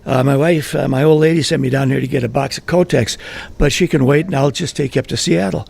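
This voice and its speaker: A man's voice: medium pitch, quick pace, a little mellow. A man voicing an erratic male driver who turns from bossy to whiny and indignant. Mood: casual. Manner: gruff, bossy, then indignant. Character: pill-popping male driver, erratic, later whiny and shocked.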